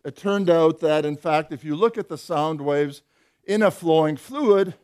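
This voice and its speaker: Older male physics lecturer, slightly higher voice, dry wit, measured delivery with hesitations. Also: a little mellow, smooth. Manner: explanatory, dry wry humour, hesitant fillers. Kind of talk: academic lecture.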